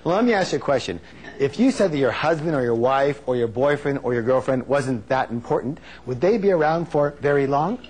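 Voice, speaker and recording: A man giving a live motivational seminar on stage, energetic and playful, drawing call-and-response answers from the audience. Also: a little fast, a little hiss or hum. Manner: playful, acts out quotes in high silly voices.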